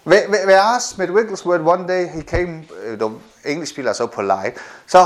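Male preacher, high voice, animated delivery, frequent laughs and repeated phrases. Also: fairly quick. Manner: animated, repetitive, laughs often. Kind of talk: sermon.

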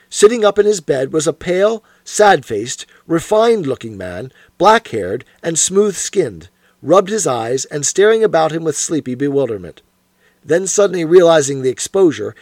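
A man narrating a story in a measured, expressive way. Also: fairly high pitch, dry recording. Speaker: audiobook narrator.

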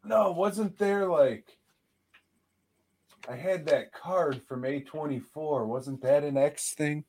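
A man's voice: on the high side, takes it slowly, darkish tone. A man co-hosting a casual podcast who talks bluntly, swears constantly and laughs often. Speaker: podcast co-host.

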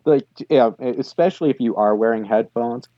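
A man co-hosting a podcast, talking casually about a TV episode in a relaxed, enthusiastic way. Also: medium pitch, normal speed, no echo, muffled recording. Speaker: podcast co-host. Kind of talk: casual chat reviewing an episode.

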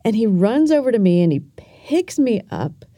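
A middle-aged woman hosting a podcast who tells a story and teaches kids in an earnest, gentle way, speaking directly to the listener. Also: fairly high pitch, very animated, moderate pace, no room sound, studio quality. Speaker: podcast host.

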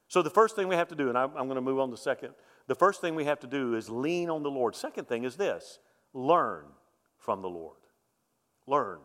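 A middle-aged man preaching a sermon, telling a personal story with feeling, rising to loud quoted lines and sinking to a near hush. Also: a little high, lively intonation, brisk. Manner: heartfelt storytelling with quoted voices, swelling and dropping to a hush. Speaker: pastor. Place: church sanctuary. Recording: long reverb of a church hall.

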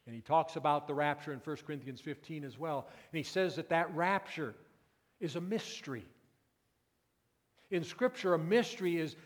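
Pastor preaching in an echoing hall. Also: male voice, sits high. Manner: earnest preaching, swings from hushed to loud emphatic peaks. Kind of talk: sermon. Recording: long reverb of a church hall.

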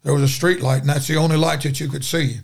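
An older preacher tells his story in a folksy, dramatic way, starting over now and then as he goes. His voice sits fairly high for a man, and he talks like he is chatting across a table on a podcast. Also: fairly even intonation, quick pace, vocal fry. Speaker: guest preacher.

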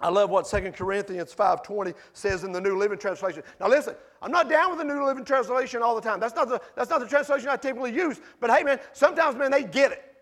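A pastor preaching a sermon in a church sanctuary, animated and conversational, with asides to the congregation and shouts for emphasis. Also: male voice, extremely high pitch, quick pace.

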